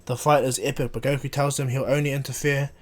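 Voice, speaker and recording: A man casually retelling a fan-made story, rambling along with frequent restarts and fillers. His voice sits mid-pitch for a man and stays fairly flat in tune. He sounds like a hobbyist narrating a what-if tale. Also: quick pace.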